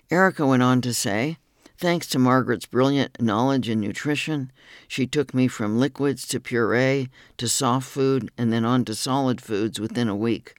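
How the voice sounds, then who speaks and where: Male narrator, mid-pitched, steady and earnest reading, dry booth sound. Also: dry recording. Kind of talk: scripted narration.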